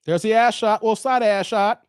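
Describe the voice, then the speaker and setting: A man hosting a livestream, reacting to a clip with laughing, animated commentary and thanking viewers for donations. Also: sits high, moderate pace, clear, resonant tone, no echo, studio quality. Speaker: channel host reacting to a clip.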